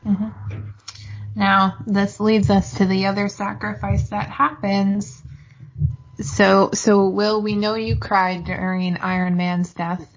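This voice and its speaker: A woman's voice: mid-range voice, little pitch movement, slow, muffled recording. A woman hosting a podcast, leading a casual discussion in a thoughtful way. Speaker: podcast host.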